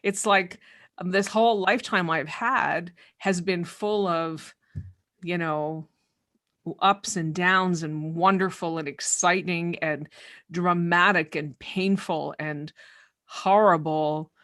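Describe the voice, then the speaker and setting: A woman with a fairly low voice hosts a relaxed conversation over a video call. She talks in a reflective way, doubling back on her words as she gathers her thoughts. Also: slow pace.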